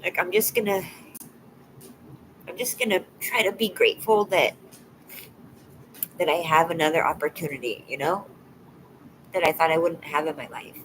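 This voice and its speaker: On a livestream, a woman with a lowish voice talks casually to her viewers, emotional and close to tears. Her speech is soft and halting, frequently fading into a whisper, and the rough recording carries slight background noise.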